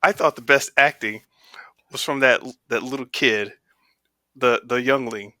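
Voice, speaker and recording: Podcast guy, bright edgy tone, laid back and thinking out loud, dry mic. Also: medium pitch, measured pace, no echo. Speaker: podcast co-host. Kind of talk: casual chat about movies.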